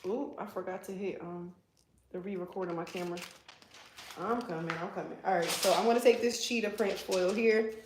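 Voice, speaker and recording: A woman's voice: mid-range voice, fairly quick, background noise. Playful, teasing woman in a roomy salon. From East Coast of the US. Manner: playful teasing, joking with the chat, swears freely. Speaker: hairstylist livestreaming a color removal. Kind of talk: casual livestream chat. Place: salon suite.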